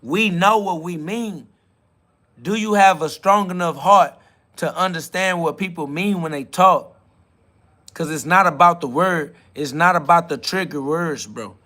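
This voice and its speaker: Bright-voiced preachy man on a live stream. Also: a little high, normal speed. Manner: preachy, rambling, slangy, answers chat comments. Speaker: podcast host. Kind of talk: live-stream spiritual self-talk.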